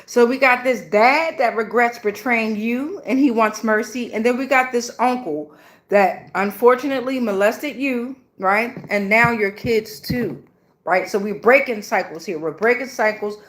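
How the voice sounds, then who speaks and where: A woman's voice: a little high, normal speed. Profane, fired-up woman tarot reader. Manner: blunt, profane, emotional, slangy. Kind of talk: casual tarot reading.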